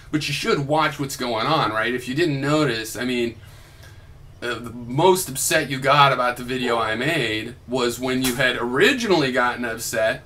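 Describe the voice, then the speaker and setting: A man's voice: mid-range voice, normal speed, fairly bright tone. A young man recording an argumentative reply video, combative and profane, with sarcastic mock quotes of his opponent. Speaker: video blogger replying to another vlogger.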